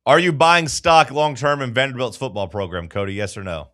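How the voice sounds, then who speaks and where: A man's voice: medium pitch, a little fast, a bit bright. A man hosting a sports talk radio show, quizzing his co-hosts in casual chat.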